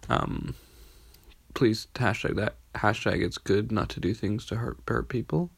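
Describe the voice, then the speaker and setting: Tired young guy rambling on his podcast, lots of ums, bit gravelly. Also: on the low side, a little slow. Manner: rambling, filler-heavy, tired. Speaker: podcast host. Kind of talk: casual rambling podcast monologue.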